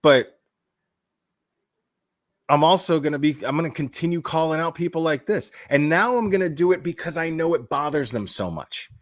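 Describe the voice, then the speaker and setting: Hot-headed male vlogger, casual profane rant, slightly high pitch. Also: moderate pace. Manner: blunt, heated and profane, with laughing asides. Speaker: crime commentary YouTuber.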